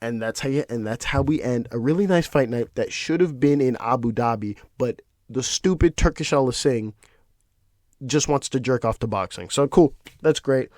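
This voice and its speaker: A man hosting his own podcast, talking casually in an animated, profane, ranting way. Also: medium pitch, normal speed, dry recording, studio quality. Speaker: podcast host. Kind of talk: casual solo commentary.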